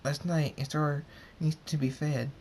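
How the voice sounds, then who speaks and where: A brash tomboy pony mare talks in a somewhat raised voice, as a man reads her lines in a fan story. Her pitch sits a few steps above his natural tone, with a faint hiss under the recording. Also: level tone, a little slow, a little mellow. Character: brash tomboy mare pegasus, young mother.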